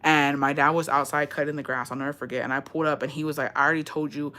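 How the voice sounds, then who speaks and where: A young woman with a bright, forceful voice rambles through a personal story on a livestream. She leans on "like" and curses freely. She keeps laughing at herself and calls herself unserious. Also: sits low, fairly even intonation, quick pace. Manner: rambling, heavy on "like", blunt and profane. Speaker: livestream host. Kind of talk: casual storytelling.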